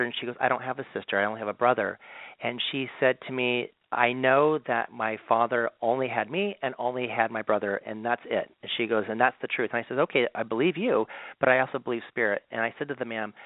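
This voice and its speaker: A man's voice: mid-range voice, no room sound. A man talks through a long anecdote, full of ums and restarts. The sound is tinny and narrow, like a phone line, and completely dry with no room sound. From Southern California. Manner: rambling, many ums and restarts. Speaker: medium, guest. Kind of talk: casual interview storytelling.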